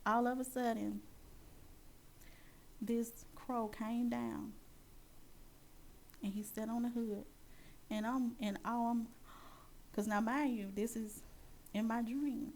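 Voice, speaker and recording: A woman sharing her Christian testimony as a personal story. She talks earnestly and haltingly, with many fillers and restarts. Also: a little high, steady tone, a little mellow, a little hiss or hum.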